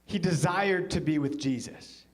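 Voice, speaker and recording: A pastor preaches a sermon in church, unhurriedly telling a story. For quoted lines he sometimes drops into a hushed, low voice.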